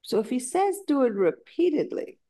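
A woman meditation teacher giving a dharma talk at a retreat center, telling stories in an unhurried way and acting out the voices she quotes. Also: sits high, big pitch swings, dark tone.

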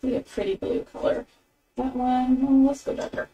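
A woman's voice: sits high, steady tone, moderate pace, mellow, far from the mic, a little hiss or hum, poor audio. A woman giving a casual craft tutorial, chatting her way through the steps with plenty of ums as she works with her hands. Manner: chatty, rambling with fillers, narrating her hands-on work. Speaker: craft demonstrator. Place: craft table indoors.

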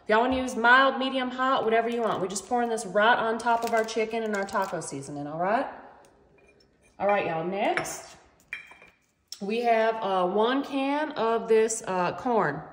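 Chatty high-voiced woman cooking. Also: moderate pace, fairly bright tone. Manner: chatty, playful, talks to viewers as y'all. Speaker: home cooking vlogger. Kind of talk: casual cooking demonstration. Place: home kitchen. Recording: echoey kitchen with faint noise.

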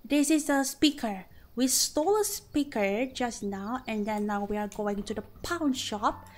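A woman's voice: fairly high pitch, measured pace. A young woman streamer chatting playfully as she plays, rambling and joking at herself. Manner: playful, rambling, self-mocking. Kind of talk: casual game-stream chat.

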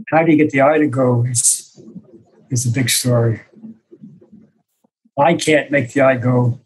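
Husky older man telling stories. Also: medium pitch, fairly even intonation, unhurried, pauses often, low-quality recording. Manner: reflective, self-deprecating, hesitant with fillers. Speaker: senior disciple telling stories. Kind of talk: storytelling to a small online group.

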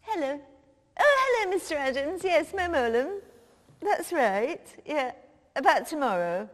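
A woman's voice: high-pitched, big pitch swings, unhurried, fairly bright tone, heavily acted. A woman playing a brash, cheeky middle-aged female cabinet minister, who chats bluntly on the phone and swears freely in a comic sketch. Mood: breezy. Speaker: comedian. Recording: long hall reverb.

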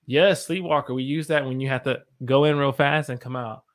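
A man's voice: mid-range voice, fairly even intonation, a little fast. A man from the South, teaching English on a live stream and reading out chat comments in an upbeat, playful way. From Southern United States. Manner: upbeat, reads chat aloud, playful voices.

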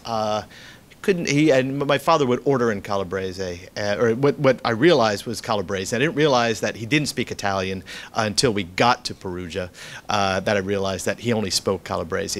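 A man's voice: on the low side, fairly bright tone, a little hiss or hum. A man giving a reading, telling a rambling family anecdote with many fillers and restarts. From United States. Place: event room.

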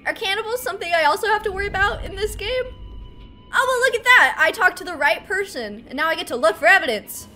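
A woman's voice: extremely high pitch, lively intonation, fast talker, bright, forceful tone. A woman hosting a game playthrough, playful and goofy in her commentary. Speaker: gaming video host. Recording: voice over game music.

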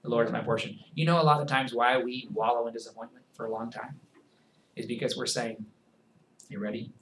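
A man's voice: medium pitch, steady tone, fairly quick, slight background noise. Emphatic preaching man, roomy church echo. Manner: emphatic preaching with sudden quiet, hushed passages. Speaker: pastor. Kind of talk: sermon.

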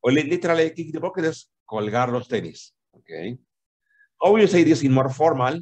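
Brief: husky-voiced man, English teacher on a video call, lively pitch, patient and repetitive. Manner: explains slowly, repeats "okay?" and switches into Spanish. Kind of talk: online language lesson.

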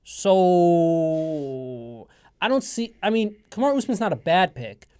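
Speaking slowly in a high-pitched, clear, resonant voice, a man co-hosts a college radio sports show. His style is casual, animated and joking, full of firm predictions and opinions stated in absolutes.

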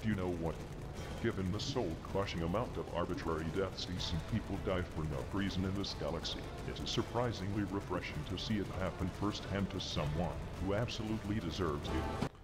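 A contemptuous imperial guardian, played by a man for an animated web series, with a dry, sardonic manner. His voice sits low, over a music bed. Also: brisk, natural voice. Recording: clip audio with music bed.

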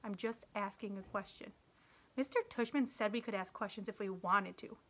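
A woman's voice: medium pitch, normal speed, fairly bright tone, natural voice. A woman voicing a rude, sarcastic schoolboy who drawls mocking questions, in a read-aloud story. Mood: defensive.

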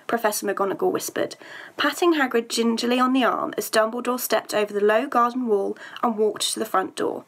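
A woman's voice: a little high, brisk. A woman teacher reading a story aloud to her pupils, then chatting about a task with a few hesitant fillers.

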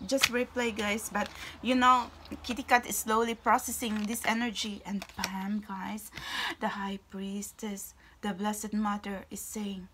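A woman giving a tarot reading to her viewers, excitable and exclamatory, sometimes dropping to a whisper. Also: medium pitch, measured pace, background noise. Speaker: tarot reader.

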